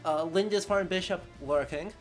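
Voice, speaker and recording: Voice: mid-range voice, normal speed, faint music behind. Upbeat, chatty stream co-host. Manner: chatty, upbeat, plugs the channel, recaps the story. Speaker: co-host of a history gaming stream. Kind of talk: casual live-stream chat.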